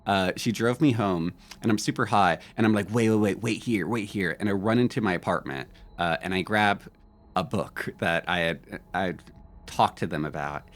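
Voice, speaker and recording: Deep-voiced laid-back male streamer. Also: normal speed, fairly bright tone. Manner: rambling, laid-back, with frequent fillers and laughs. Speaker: game streamer. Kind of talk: casual live-stream chat and storytelling.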